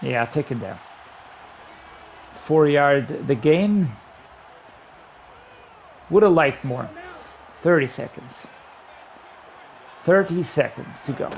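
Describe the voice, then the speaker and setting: Gamer guy narrating his football match, bit gravelly, faint hiss behind him. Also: on the high side, takes it slowly, pauses often, some chatter behind. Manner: excitable, talks to himself about play calls. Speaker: gaming YouTuber. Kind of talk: live gameplay commentary.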